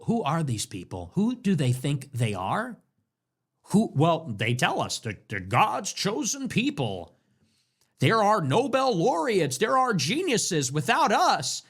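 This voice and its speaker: A man's voice: on the high side, a bit bright. A man hosting a show, delivering a heated political monologue in an impassioned, declamatory way, hammering home repeated rhetorical questions. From United States. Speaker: show host.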